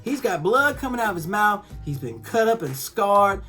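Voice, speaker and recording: A woman reviewing a TV episode in a casual, animated way, swearing and acting out the characters' lines. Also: medium pitch, normal speed, faint music behind.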